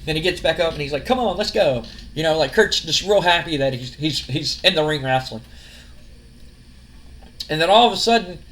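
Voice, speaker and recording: A young man recapping a wrestling simulation in loose, rambling commentary. He swears freely and retells each move with an animated, slightly high-pitched voice. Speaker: let's-play narrator. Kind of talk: casual game commentary.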